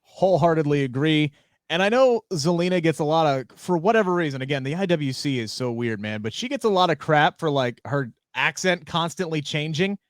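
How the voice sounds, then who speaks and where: A man co-hosting a casual wrestling podcast, opinionated and animated, swearing freely into a close mic. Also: on the high side, a little fast, no echo. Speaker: podcast co-host.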